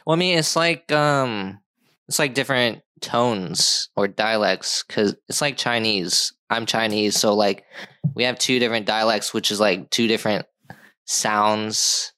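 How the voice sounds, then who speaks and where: A man's voice: on the low side, unhurried, bright, forceful tone, clear, resonant tone, dry recording. A man hosting a casual conversation, chatty and full of "like" fillers.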